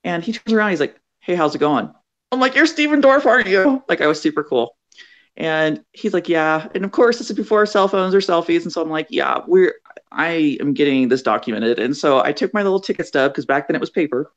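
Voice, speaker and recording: A woman's voice: low-pitched, lively intonation, brisk, highs cut off. A middle-aged woman author, a guest, telling chatty anecdotes and acting out the voices in them. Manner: acts out quoted voices, chatty. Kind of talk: animated storytelling in an interview.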